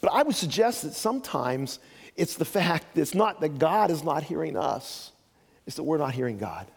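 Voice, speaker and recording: A man's voice: fairly high pitch, very animated, normal speed, gravelly, husky, long reverb tail. An older man preaching a sermon as pastor, telling folksy stories with joking asides.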